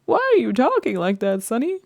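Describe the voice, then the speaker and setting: A woman's voice: a little high, very animated, fairly quick, vocal fry, dark tone, voice pushed up. A woman voicing a confused elderly grandmother who keeps asking puzzled questions. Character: confused elderly grandma, bewildered by social media.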